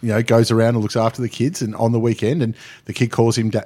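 A man hosting a casual sports podcast, laid-back and skeptical, quick to laugh. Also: mid-range voice, flat delivery, dark tone, breathy edge. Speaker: podcast host. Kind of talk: casual chat.

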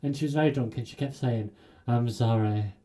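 A man, co-hosting a podcast and telling relaxed stories from a supermarket job. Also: mid-range voice, quick pace, a crowd in the background. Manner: easygoing, laughs through stories. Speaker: podcast co-host. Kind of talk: casual storytelling chat.

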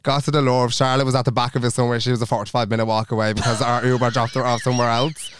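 Young Irish male podcast co-host, rapid animated storyteller, clean voice. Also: medium pitch, clear, resonant tone, no room sound, studio quality. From Ireland. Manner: animated, swearing, acts out quotes. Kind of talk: casual chat, storytelling.

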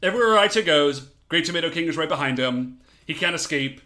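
A man co-hosting a podcast, chatting casually as he recaps a TV episode, animated and laughing as he acts out quotes. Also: fairly high pitch, fast talker. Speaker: podcast co-host.

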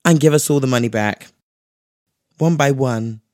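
A man telling a story in casual chat, animated, acting out the voices of the people in it. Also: mid-range voice, moderate pace, no room sound, clean studio sound. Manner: animated, acts out the other people's voices in his stories.

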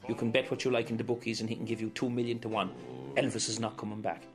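A man's voice: mid-range voice, level tone, racing. Irish man telling stories, faint music. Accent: Irish, County Kerry. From Ireland. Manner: chatty, anecdotal, fond of quoting voices. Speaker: tribute performer of a famous singer. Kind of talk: storytelling interview.

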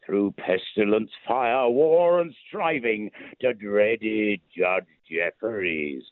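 A man working as a town crier, declaiming rhyming verse in a slow, drawn-out ceremonial way. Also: fairly low pitch, dry recording. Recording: tinny phone-line audio.

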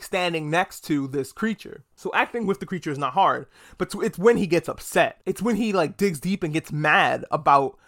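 A man talking through a movie review in a casual, enthusiastic way, swearing freely and drifting off on tangents. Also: a little high. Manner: chatty, profane, wanders off on tangents; enthusiastic, lively delivery. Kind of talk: casual spoken film review.

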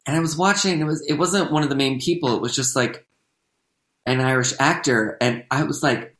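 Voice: mid-range voice, a little fast, a bit bright. Give me a chatty actor in an echoey room. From United States. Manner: chatty, rambling, many restarts and "like"s. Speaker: guest, actor. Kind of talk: casual podcast chat. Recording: roomy echo.

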